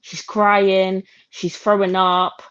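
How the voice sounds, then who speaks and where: A woman's voice: mid-range voice, little pitch movement, slow, a bit bright, smooth, no room sound. A woman co-hosting a podcast, giving casual reality-TV commentary in an incredulous tone and quoting people in mocking voices. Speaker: podcast co-host. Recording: slightly dull, lo-fi audio.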